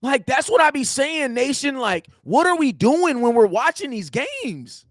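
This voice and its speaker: A man with a high voice hosts a fan reaction stream. He rants in loud, slangy bursts and keeps raising his voice to hammer his points. The sound is close and dry, with no room behind it. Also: unhurried, no echo. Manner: animated ranting, slangy, often shouting. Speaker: sports fan show host. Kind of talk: heated fan reaction livestream.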